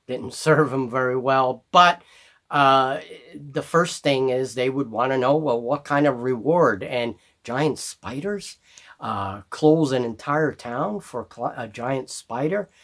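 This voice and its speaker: A man narrating a solo tabletop game as game master, describing the scene slowly and deliberately. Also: mid-range voice, fairly bright tone, dry recording. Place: hobby table with miniatures.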